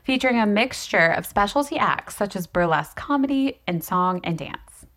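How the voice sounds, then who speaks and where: A woman's voice: medium pitch, lively intonation, normal speed, a bit bright. A woman co-hosting a casual podcast, chatty and joking, who often interrupts and swears. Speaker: podcast co-host. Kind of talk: casual chat.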